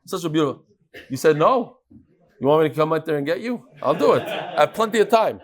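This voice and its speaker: An animated man teaches a daily Talmud class. His voice sits a bit high, and he keeps turning to call on students in the room. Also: brisk. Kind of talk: lively Daf Yomi class.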